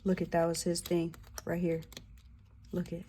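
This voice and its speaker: A woman's voice: fairly low pitch, monotone, moderate pace, mellow, a little hiss or hum. A woman giving a casual tarot reading, loose and profane, with slangy asides and the odd drop into a whisper. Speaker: tarot reader.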